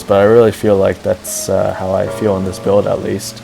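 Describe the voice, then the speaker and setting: A man's voice: low voice, monotone, normal speed, gravelly, music in the background, poor audio. A man streaming casually, rambling earnestly with lots of fillers about a build he admires. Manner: earnest, sentimental. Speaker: streamer touring a game housing build. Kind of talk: casual chat.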